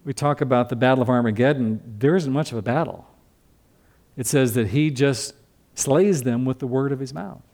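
A man's voice: mid-range voice, moderate pace, darkish tone. An older man preaching a sermon as a pastor, teaching from scripture in a conversational way and asking the congregation questions.

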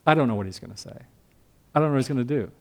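A man's voice: medium pitch, expressive, rapid-fire, vocal fry, a little mellow. An older man preaching a sermon as a pastor, teaching from scripture in a conversational way and asking the congregation questions.

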